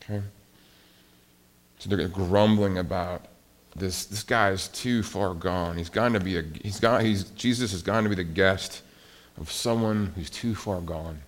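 A man preaching a sermon in a conversational, animated way, swinging between soft and loud. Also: low voice, measured pace. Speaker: pastor.

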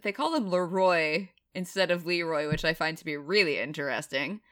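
Bright-voiced woman from Tennessee. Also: deep voice, normal speed. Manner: chatty, laughs often. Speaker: podcast co-host. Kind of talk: casual film discussion.

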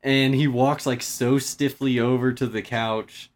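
A woman co-hosting a casual chat, retelling film scenes and slipping into quick voice impressions. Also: very deep voice, fairly even intonation, darkish tone. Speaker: podcast co-host.

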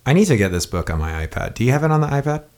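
A man's voice: mid-range voice, sing-song, very fast, a little mellow. A man hosting a podcast, talking earnestly and rambling, often repeating words as he goes. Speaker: podcast host. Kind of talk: casual conversation.

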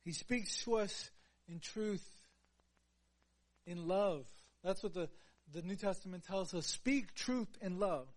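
A man preaching a sermon in an earnest voice, dropping to a hush and then rising to louder, emphatic lines. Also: high voice, slow. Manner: earnest, swings between soft hushed passages and louder emphatic ones.

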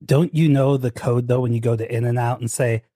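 Joking male podcast host, husky voice. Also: medium pitch, steady tone, moderate pace, warm tone, no room sound, studio quality. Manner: joking, laughs often. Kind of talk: casual chat.

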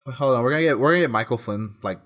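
A man's voice: medium pitch, racing, fairly bright tone. A man co-hosting a comedy podcast, joking and rambling casually with lots of fillers. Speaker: podcast co-host.

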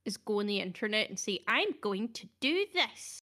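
A young woman hosting a casual podcast, speaking at an ordinary middle pitch. She is hesitant and self-deprecating, and fills her pauses with ums. Her delivery is relaxed chat rather than anything scripted. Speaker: podcast host.

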